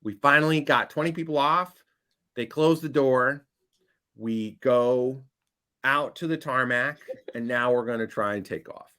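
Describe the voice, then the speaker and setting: A man telling a long anecdote as a podcast guest, animated and building to loud punchlines. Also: medium pitch, unhurried, clear, resonant tone. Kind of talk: casual storytelling.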